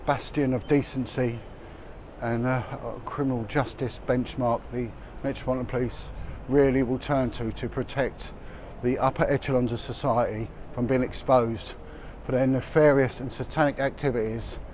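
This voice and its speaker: Here the vlogger, a middle-aged man, speaks at a moderate pace in a medium, steady, slightly mellow voice. He rambles through his walking livestream in busy city streets, often restarting and using fillers, with passers-by and street noise in the background.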